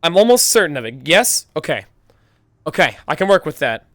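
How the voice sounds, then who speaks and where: Excited, fast-chatting male streamer. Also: fairly high pitch, dry recording, studio quality. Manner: excitable, loose and chatty with swearing. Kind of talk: casual livestream chat.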